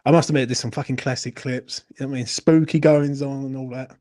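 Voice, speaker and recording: A man's voice: medium pitch, fairly even intonation, fast, darkish tone. A young man, hosting a late-night football Q&A and chatting casually. He swears a lot and teases viewers. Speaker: football channel host. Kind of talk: casual live Q&A chat.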